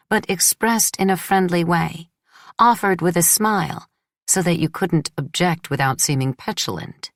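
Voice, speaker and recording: A woman narrating a novel in the first person in a measured, introspective way. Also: deep voice, no room sound, clean studio sound. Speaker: audiobook narrator.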